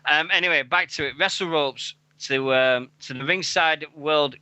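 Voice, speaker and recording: British male radio host on a headset, loose and rambling with frequent swearing, sharp bright tone. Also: a little high, normal speed, clear, resonant tone, no room sound. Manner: rambling, swears, laughs often. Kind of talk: casual radio show chat.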